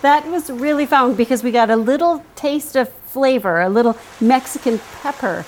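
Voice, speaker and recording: Female comedy host, fairly high voice, playful and theatrical, with faint background noise. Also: moderate pace. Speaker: podcast host. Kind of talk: improvised comedy chat.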